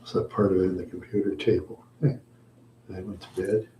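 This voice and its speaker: A man's voice: sits low, flat delivery, moderate pace, mellow, roomy sound, slight background noise. A man hosting a livestream, rambling and out of breath, sighing and trailing off as he chats. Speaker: livestream host.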